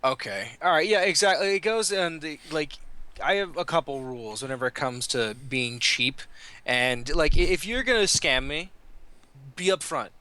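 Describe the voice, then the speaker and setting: Man, podcast co-host, playful casual chat, higher voice, clear. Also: lively intonation, normal speed, bright, forceful tone, dry recording.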